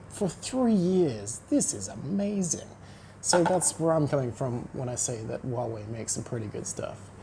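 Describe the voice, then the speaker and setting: A man's voice: mid-range voice, warm tone, slight background noise, low-quality recording. A man ranting casually to camera as a vlogger, blunt and sarcastic. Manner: blunt, sarcastic, mocking voices.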